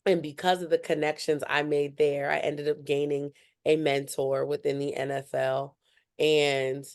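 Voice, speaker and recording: A young woman, a student journalist, telling her story as a podcast guest in an animated way and acting out what others said. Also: sits low, a little slow. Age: young adult. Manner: animated, acts out other people's lines. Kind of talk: casual interview storytelling.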